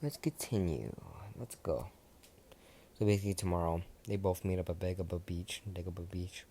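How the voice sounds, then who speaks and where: Young man, casual fan story telling, low mellow voice, rambling, swearing. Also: normal speed, a little hiss or hum.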